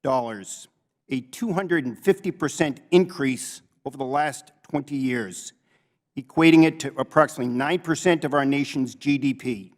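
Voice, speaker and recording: A man's voice: medium pitch, moderate pace. Man reading testimony in a reverberant hall. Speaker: financial analyst testifying as witness. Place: congressional hearing room. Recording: long reverb in a hearing room.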